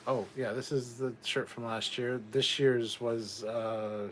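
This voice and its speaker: Taking it slowly, a man with a mid-range, fairly bright voice and a steady tone reads viewer comments on his casual livestream, drifting into talkative asides and swearing occasionally. A bit of background noise comes through.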